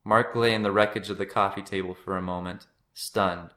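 A man reading his own written personal story aloud in a steady storytelling manner. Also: low voice, brisk.

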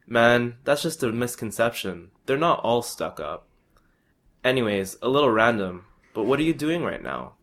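A man's voice: medium pitch, sing-song, moderate pace, fairly bright tone. A man voicing his cocky young male friend, who talks in laid-back slang and boasts about his game.

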